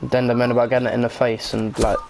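A young man chatting while gaming, excitable and swearing a lot. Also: mid-range voice, fast, creaky, a little hiss or hum. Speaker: gamer. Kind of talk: casual gaming chat.

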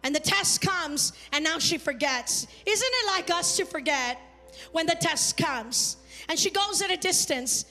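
A woman's voice: very high voice, animated, measured pace, sharp tone. A woman pastor preaching a fervent sermon, repeating phrases and calling the congregation to answer back. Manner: fervent, repetitive call-and-response preaching.

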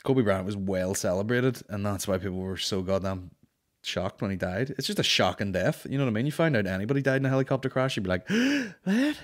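Low-voiced, profane podcast host. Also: male voice. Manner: profane, rambling, mocking. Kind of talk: casual comedy chat.

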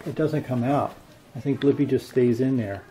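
A man's voice: mid-range voice, normal speed, dark tone. An older man, a grandfather, talking playfully with small children at home in a coaxing, sing-song way. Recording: noisy home video.

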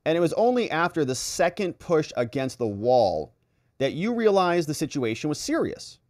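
A man's voice: a little high, sing-song, normal speed, a little mellow, dry recording, studio quality. A man quoting a blunt male defense attorney, read in a pressing, sarcastic tone.

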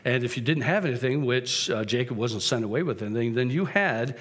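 A man's voice: medium pitch, animated, a little fast, a bit bright, husky. A man giving a sermon as a guest preacher, retelling the story casually and acting out the characters' voices.

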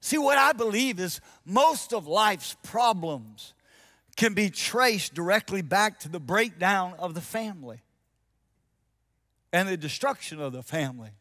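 A man, a pastor preaching a sermon and telling a story, acting out both sides of a conversation and dropping to soft, intense tones for his key points. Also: high-pitched, expressive, a little slow.

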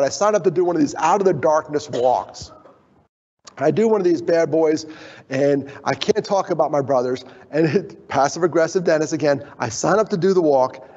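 A man's voice: fairly high pitch, husky. Man telling stories in a reverberant hall. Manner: animated, self-deprecating storyteller. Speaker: conference speaker. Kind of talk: personal storytelling talk. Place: conference hall. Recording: dull recording, long hall reverb.

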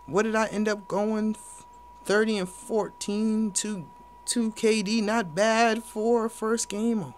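A young man commentating his own video game match for viewers, playful and hyped, with sudden loud exclamations. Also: high-pitched, fairly even intonation, takes it slowly, a little hiss or hum. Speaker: gaming YouTuber. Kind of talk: live gameplay commentary.

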